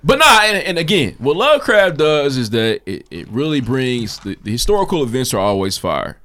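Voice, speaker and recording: A young man co-hosting a podcast, animated in casual chat, laughing often and jumping between thoughts. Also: medium pitch, moderate pace. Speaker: podcast co-host.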